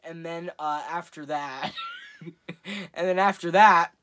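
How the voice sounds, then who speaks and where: A man's voice: a little high, slow pace, a bit bright, a little hiss or hum. A man giving a casual, rambling movie review, amused, often laughing and swearing.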